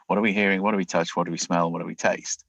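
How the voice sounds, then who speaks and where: A man's voice: low-pitched, little pitch movement, racing, creaky, fairly bright tone, no room sound, poor audio. A man, a leadership coach, explaining ideas in a conversational interview, often acting out inner thoughts as quoted voices.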